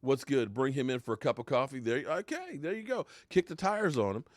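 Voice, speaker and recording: A middle-pitched man talks through a casual live sports stream. He rambles, reacts to viewer comments and now and then hams up mock heartbreak. The sound is dry and close, with no room echo. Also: very animated, fairly quick.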